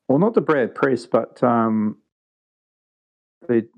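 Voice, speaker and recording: A man's voice: mid-range voice, expressive, slow, creaky, lo-fi sound. A man with an accent that sounds a bit British, a guest on a podcast, talking hesitantly with many ums and restarts. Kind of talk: casual podcast chat.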